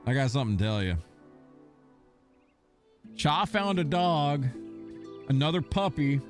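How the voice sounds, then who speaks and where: Brief: young male streamer, lively pitch, cursing storyteller, faint game music under him. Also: a little slow. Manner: rambling, profane storytelling. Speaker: gaming streamer. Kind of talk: casual stream chat.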